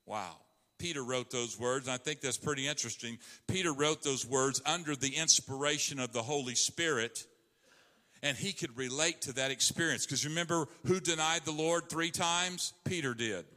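A man preaching a sermon as a pastor, swinging between loud emphasis and hushed asides. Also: mid-range voice, moderate pace, in a large hall.

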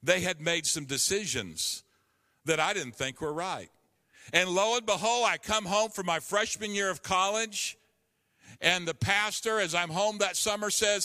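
A man's voice: high-pitched, moderate pace, pushed and bright, big-room sound. A pastor in his fifties tells a personal story during a sermon, earnestly acting out the voices in it. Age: 50s.

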